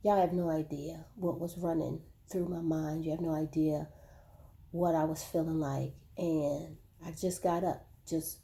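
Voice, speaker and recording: A woman slowly sharing a painful personal story straight to her viewers, often repeating words as she goes. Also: low voice, level tone, vocal fry, warm tone. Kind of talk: personal testimony, spoken to viewers.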